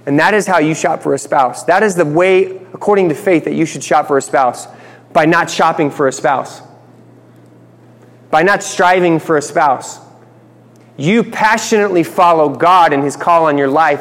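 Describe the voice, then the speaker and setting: A man with a fairly high voice teaches from the Bible in a relaxed, conversational way. He acts out little bits of dialogue and tosses in playful jokes. A long reverb trails behind his voice.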